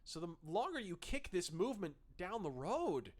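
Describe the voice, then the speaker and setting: A man's voice: sits high, very animated, normal speed. A man hosting a livestream, reading chat messages aloud and commenting in a snarky, profane, sarcastic way.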